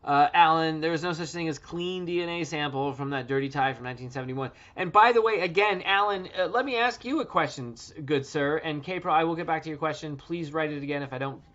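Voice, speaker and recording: A man's voice: a little high, brisk, few pauses, fairly bright tone. A man in his thirties hosting a casual livestream from home, loose, joking and profane. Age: 30s. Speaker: livestream host. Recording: dull lo-fi stream audio.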